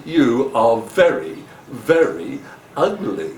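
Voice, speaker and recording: A vain peacock, put on by a man, preens and boasts in a slow, wildly swooping storybook voice. It sits a bit high for a man. The sound is roomy, with a faint hum behind it. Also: big pitch swings, a little mellow. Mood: boastful. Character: vain, proud peacock who cannot fly.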